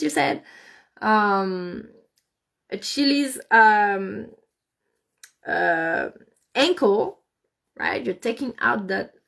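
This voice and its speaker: A woman telling a story in casual talk, animated, often repeating and restarting words. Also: medium pitch, gravelly.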